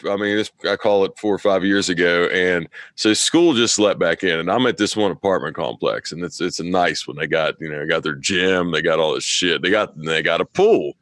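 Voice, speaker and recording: A man in his thirties hosting a podcast, telling a delivery story with lots of swearing and animated retellings. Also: deep voice, normal speed, few pauses, no room sound. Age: 30s. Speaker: podcast host, delivery driver. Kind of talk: casual chat.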